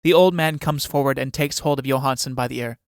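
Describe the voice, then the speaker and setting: A male narrator reading out the stage directions of a play, steady and measured. His voice is mid-pitched and the recording is dry and close. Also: clear, resonant tone, no room sound.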